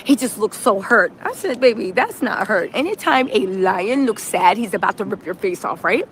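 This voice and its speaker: A woman hosting a reaction livestream, recapping events in animated storytelling, acting out quotes and often asking "right?". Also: mid-range voice, normal speed, a little hiss or hum. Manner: punctuates with "right?". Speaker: streamer host.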